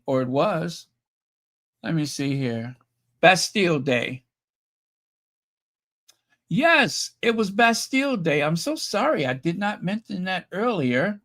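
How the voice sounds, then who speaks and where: A man's voice: high voice, big pitch swings, slow pace, pauses often, fairly bright tone. A man hosting a live stream, reading royal news reports and viewer comments, then adding sarcastic, chatty asides with fillers. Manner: chatty, with fillers and self-corrections. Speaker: YouTube royal news host.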